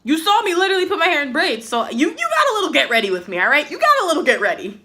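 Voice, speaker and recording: A young woman chats through a casual storytime for her vlog, full of fillers and animated swings between exasperation and laughter. Her voice is bright and forward, sitting a little high for a woman. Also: racing. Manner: chatty, filler-heavy with many "like"s and "literally"s. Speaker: vlogger.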